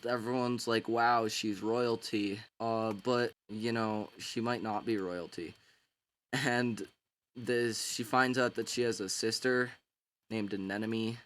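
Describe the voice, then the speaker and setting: Low-ish voiced guy rambling thru a book recap, tons of "like", slangy and goofy. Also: steady tone, slow pace, a bit bright. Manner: rambling, filler-heavy, slangy and irreverent. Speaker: book summarizer. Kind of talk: casual rambling retelling.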